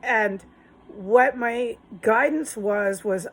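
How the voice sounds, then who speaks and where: A woman vlogger speaking her mind in a long, rambling personal monologue. She talks directly to her viewers, emotional and blunt, swearing freely. Her voice sits at an ordinary middle pitch for a woman. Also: fairly even intonation, measured pace, fairly bright tone.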